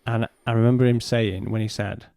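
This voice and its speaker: A man, a podcast guest, telling a personal story in a halting way and retelling what was said in his own words. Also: lowish voice, steady tone, gravelly, mellow, no echo, studio quality.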